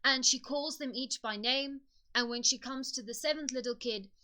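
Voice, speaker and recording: A woman's voice: high voice, normal speed, sharp tone. A woman hosting a book video, retelling a fairy tale in a chatty, conversational way. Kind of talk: casual storytelling retelling.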